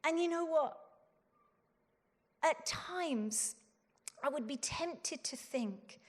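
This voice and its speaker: Slow and expressive, a high-voiced woman in her forties delivers an earnest conference talk laced with self-deprecating jokes. Long reverb from the hall surrounds her words.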